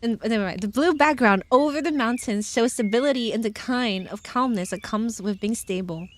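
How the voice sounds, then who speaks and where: Pitched on the high side at a moderate pace, this young woman's voice belongs to a virtual streamer. She reads tarot meanings aloud in a casual stream, giggling a lot and pausing for playful asides.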